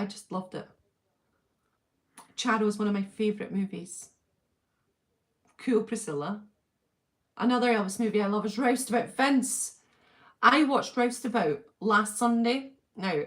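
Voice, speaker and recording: A middle-aged woman with a Welsh accent, hosting a casual chat and reading out viewer comments, gushing and laughing often. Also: mid-range voice. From Wales. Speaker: livestream host.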